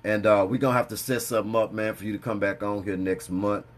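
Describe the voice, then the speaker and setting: A man's voice: fairly low pitch, steady tone, fast. A man hosting a casual interview, easygoing, often restarting his words and tagging "man" onto them. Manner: stammering restarts, easygoing, says "man" a lot. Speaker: podcast host.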